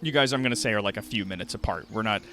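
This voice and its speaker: A man narrating a tabletop game as game master, animated and laughing often. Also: fairly low pitch, rapid-fire.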